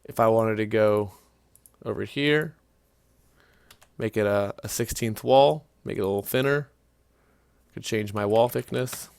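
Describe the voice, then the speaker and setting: Low gravelly man walking through software. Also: unhurried, pauses often, dry recording. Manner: casual, thinking aloud with fillers and self-corrections. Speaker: CAD tutorial instructor. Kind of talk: screen-recorded software walkthrough.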